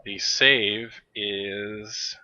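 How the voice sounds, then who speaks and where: Man, game master, tabletop narration, matter-of-fact, tense bright tone, lo-fi sound. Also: on the low side, steady tone, extremely slow.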